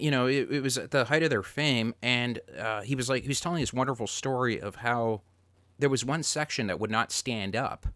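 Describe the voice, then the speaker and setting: A man hosting a casual podcast, talking loosely and excitably with plenty of swearing. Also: mid-range voice, dry recording. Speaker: podcast host.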